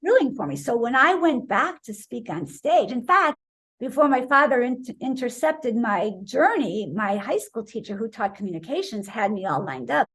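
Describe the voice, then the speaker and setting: A woman in her sixties from Wisconsin, a guest telling an animated story in an interview and acting out the voices she quotes. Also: fairly high pitch, normal speed, husky. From Wisconsin, USA. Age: 60s.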